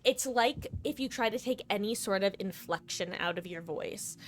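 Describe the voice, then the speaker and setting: A woman's voice: mid-range voice, normal speed, a little hiss or hum. A woman in her thirties chatting casually while streaming a game, rambling with lots of ums and likes. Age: 30s. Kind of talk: casual live-stream chat while gaming.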